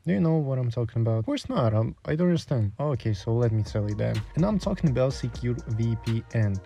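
A man's voice: medium pitch, lively intonation, fast talker, gravelly, warm tone, faint music behind. A man reading a sponsor spot in a casual, rambling way. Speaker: channel host. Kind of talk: sponsor read.

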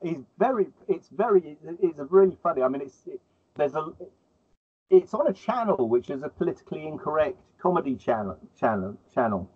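A man in casual conversation, speaking haltingly and repeating words as he gathers his thoughts. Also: a little high, lively intonation, breathy edge. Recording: tinny phone-like line.

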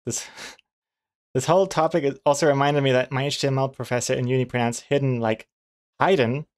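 A man streams as a comic artist, his medium-pitched voice steady, brisk, smooth, and darkish. Drawing as he goes, he muses aloud, answers chat with easy laughter, and jokingly teases pronunciations.

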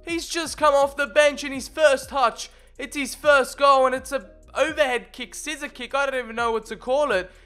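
A young man calls the action of his own football video game match, moving between calm narration and loud excited shouts. His voice sits high, bright and smooth. Faint music plays underneath. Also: normal speed, hardly any pauses. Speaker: gaming video creator. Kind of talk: self-commentary over a football video game.

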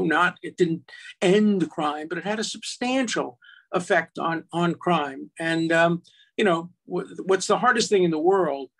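Older guy arguing hard, fairly high voice, keeps restarting his sentences. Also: fairly bright tone. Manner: argumentative, emphatic, frequent restarts. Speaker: guest, attorney and law professor. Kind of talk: casual conversation.

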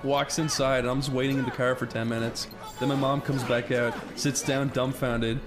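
A young man chatting casually over a video game, telling stories and jumping into shouted voices when quoting people. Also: medium pitch, flat delivery, moderate pace. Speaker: let's play commentator. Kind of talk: casual gaming chat with storytelling. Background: game music.

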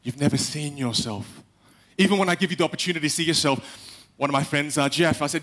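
A young man giving a live talk on stage, animated, acting out little quotes and speaking straight to the audience. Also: on the high side, fast talker. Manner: animated, acts out quotes, addresses the audience directly.

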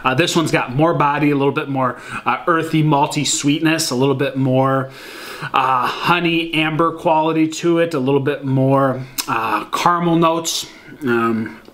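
A man's voice: a little high, steady tone, moderate pace, fairly bright tone. Chatty man reviewing beer at home. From Michigan. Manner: rambling, many fillers, addresses viewers as guys. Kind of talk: casual beer review vlog.

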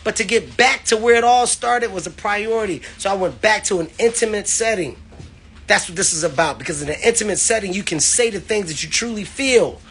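A man, a comedian, streaming live from his home on his phone, loud and playful, swearing constantly and laughing between his lines. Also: high voice, animated, brisk, slight background noise. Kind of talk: hyped, profane live-stream rant.

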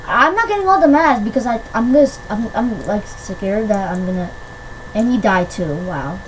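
A woman giving casual gameplay commentary, excitable and quick to shriek when things go her way. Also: fairly high pitch, slight background noise, rough recording. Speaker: gamer. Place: at home on a PC.

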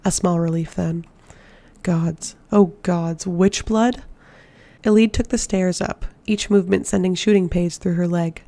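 A woman reading a fantasy novel aloud, keeping her delivery steady and level. Her voice is dark and mellow, with a gravelly texture. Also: lowish voice, a little slow. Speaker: audiobook reader. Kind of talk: audiobook narration.

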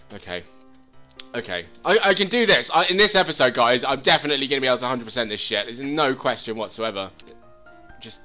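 Excitable man playing a game. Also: fairly high pitch. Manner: excitable, swearing, talks to the game. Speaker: gaming channel host. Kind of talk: let's play commentary.

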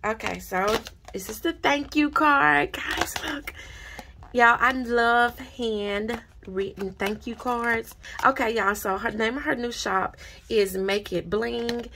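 Gravelly-voiced woman gushing over mail. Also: fairly high pitch, takes it slowly, a little hiss or hum. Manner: gushing, excitable, repeats herself. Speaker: budgeting vlogger. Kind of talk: casual unboxing vlog. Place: home desk.

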